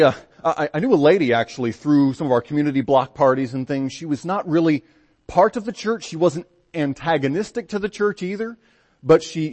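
A man's voice: medium pitch, darkish tone. A Baptist pastor, a man, telling a story from the pulpit in a folksy, conversational way with frequent restarts. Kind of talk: storytelling sermon.

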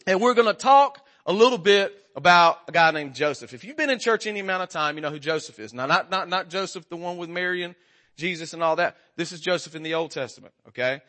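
Pastor, male, 40s: high, forceful voice, chatty and jokey, keeps checking in with the crowd. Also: expressive, quick pace. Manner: conversational, joking, quizzes the congregation. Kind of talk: sermon.

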